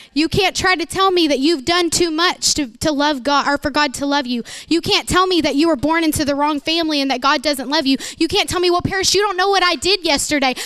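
A woman's voice: high voice, a bit bright, no room sound, clean studio sound. A woman pastor, preaching an emotional, emphatic sermon.

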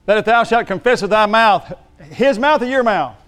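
A man preaching a sermon in a church, joking with the congregation and building to emphatic, shouted lines. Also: sits high, lively intonation, moderate pace.

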